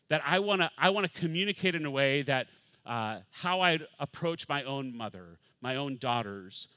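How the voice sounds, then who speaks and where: A middle-aged male pastor preaches with a bright, forceful edge to his voice. He is animated, jumping into playful voices and then sinking to a quiet hush. The sound is dry and close, with little room echo. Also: a little high. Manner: animated, acts out voices, swings from loud to hushed. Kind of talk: sermon.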